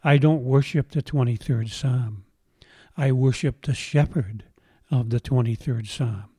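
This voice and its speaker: A man preaching a sermon, telling a story gently and slowing down to stress lines of scripture. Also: medium pitch, breathy edge, no room sound, clean studio sound. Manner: slow deliberate emphasis on scripture, gentle storytelling. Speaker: pastor.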